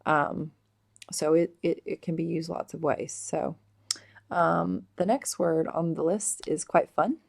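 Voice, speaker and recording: A woman explaining slang words in a casual vlog, hesitant and full of drawn-out ums. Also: low-pitched, fairly even intonation, gravelly. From United States. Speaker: vlogger explaining British slang.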